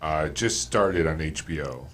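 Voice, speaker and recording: A man's voice: extremely low pitch, moderate pace, a bit bright. A man hosting a podcast, questioning his co-host in a dry, mock-serious way. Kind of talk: casual podcast chat.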